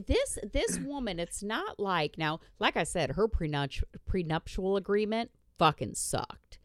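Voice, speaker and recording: A woman's voice: medium pitch, very animated, a little slow, few pauses, no room sound, studio quality. A woman hosting a podcast, ranting bluntly and swearing in casual chat. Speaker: podcast host.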